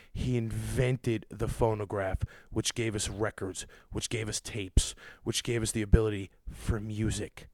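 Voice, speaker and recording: Man, podcast host, profane rant, low voice, dry close sound. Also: no room sound. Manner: loud, cursing, ranting, angry.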